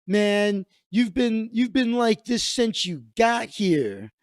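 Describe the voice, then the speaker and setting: A man's voice: high voice, sing-song, slow pace, dry recording, studio quality, pitched above the performer's own voice, exaggerated voice. A man voicing a pushy, condescending drunk guest at a party, with a patronizing drawl.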